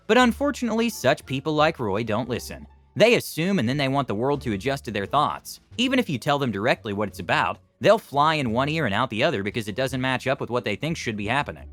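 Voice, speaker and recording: A man narrating online stories in a scripted, animated and expressive way, adding his own comments. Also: medium pitch, fast talker, few pauses, no echo, soft background music. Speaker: story narrator.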